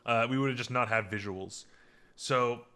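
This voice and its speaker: A man's voice: mid-range voice, normal speed, sharp tone, smooth. A man hosting a podcast, casually recapping a TV episode in a rambling way, full of fillers and restarts. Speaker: podcast host.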